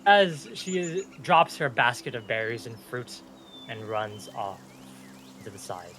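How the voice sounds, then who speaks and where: A man's voice: mid-range voice, expressive, a little slow, bright, forceful tone, slight background noise. A young man narrating as game master, loose and chatty, breaking into chuckles as he describes the scene.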